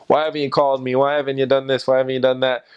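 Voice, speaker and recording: A man's voice: medium pitch, flat delivery, rapid-fire, smooth, muffled recording, pitched above the performer's own voice, close to an everyday voice. A man voicing an older parish priest who teases and scolds the locals like a father. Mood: teasing scolding. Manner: scolding in a teasing way.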